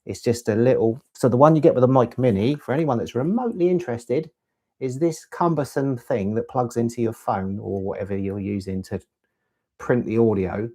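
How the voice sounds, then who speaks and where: A chatty man rambles through a live stream, answering viewers' questions and drifting from topic to topic. His voice sits at an ordinary middle pitch and he talks in a loose, easy way. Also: normal speed, mellow. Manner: rambling, chatty, reads chat aloud. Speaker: LEGO channel host. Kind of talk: casual live-stream chat.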